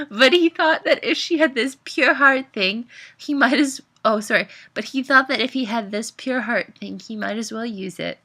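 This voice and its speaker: A woman's voice: on the high side, moderate pace, sharp tone. A tipsy woman reading her own story aloud with a giggly, loose delivery.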